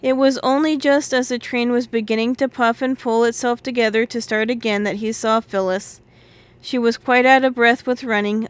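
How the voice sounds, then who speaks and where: A woman reading a classic children's novel aloud in steady, measured storybook narration on a close mic. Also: a little high. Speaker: audiobook reader.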